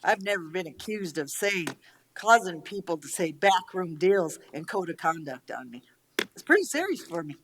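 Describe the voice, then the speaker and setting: A woman's voice: on the low side, sing-song, a bit bright. Angry, blunt woman at a public meeting. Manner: blunt, angry, swears, rapid rebuttals. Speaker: county commissioner. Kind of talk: heated speech at a public meeting.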